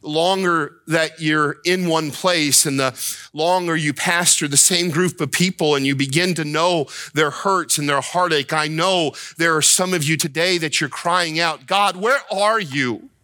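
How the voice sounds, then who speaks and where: A man's voice: fairly high pitch, fairly even intonation, normal speed, pushed and bright, dry recording. A man preaching a sermon as a pastor, impassioned, repeating himself and rising to pleading cries. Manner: repeats words and restarts when worked up.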